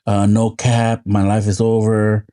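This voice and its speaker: A man's voice: on the low side, monotone, unhurried, mellow. A man co-hosting a casual podcast, rambling loosely and swearing as he chats. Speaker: podcast co-host. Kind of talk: casual chat.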